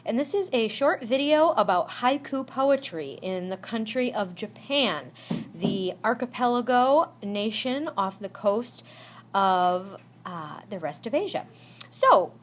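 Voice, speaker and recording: A woman teacher talks to her students in a slightly high voice. She explains each point slowly and deliberately. She repeats examples aloud and checks in often to make sure they follow. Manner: slow, deliberate explaining with frequent check-ins. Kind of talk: recorded classroom lesson for students.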